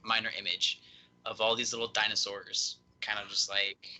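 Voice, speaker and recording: A man narrating as dungeon master of a streamed tabletop game, lively and halting with many fillers. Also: fairly low pitch, poor audio.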